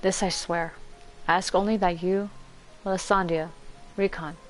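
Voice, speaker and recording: A woman's voice: on the low side, steady tone, a little slow, soft background music, natural voice, poor audio. Woman reading as a solemn grieving father.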